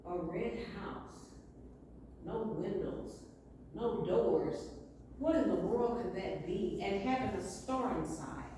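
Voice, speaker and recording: A woman's voice: mid-range voice, lively intonation, slow, warm tone, a little hiss or hum, pitched below the performer's own voice. A woman voicing a young farm boy who pleads earnestly with the farm animals for help. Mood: puzzled. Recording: echoey hall, voice from far off.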